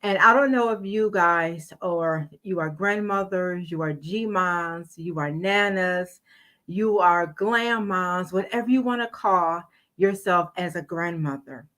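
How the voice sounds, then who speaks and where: A woman's voice: fairly low pitch, a little slow, a bit bright. An older woman speaking as a guest on a virtual summit, earnest and rhetorical, putting question after question straight to her listeners. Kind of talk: motivational talk.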